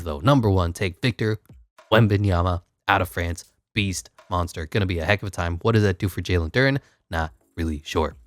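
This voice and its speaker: A man's voice: on the low side, no room sound. A man giving casual, wry commentary while playing a basketball management game, thinking aloud. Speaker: gaming YouTuber.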